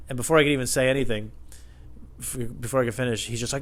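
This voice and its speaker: A young man vlogging at home into a tiny close microphone, telling a story in a profane, animated way and laughing often. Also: medium pitch, fast. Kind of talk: casual storytelling. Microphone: tiny microphone held close.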